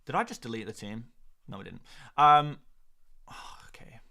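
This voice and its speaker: A man's voice: medium pitch, lively intonation, normal speed, vocal fry, sharp tone. A man hosting a live stream in casual, jokey chat, muttering asides as he goes. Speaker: streamer host.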